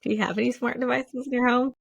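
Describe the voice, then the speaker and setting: A woman's voice: on the high side, little pitch movement, fast, gravelly, husky, no echo, lo-fi sound. A woman co-hosting a podcast in casual chat, talking loosely with lots of fillers and laughing easily. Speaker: podcast co-host.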